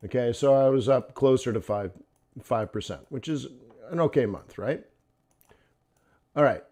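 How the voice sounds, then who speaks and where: Chatty guy doing a live trading stream, kinda high-pitched, loose and laughing. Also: a little mellow. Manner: chatty, laughs often, fillers and restarts. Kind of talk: casual live-stream chat.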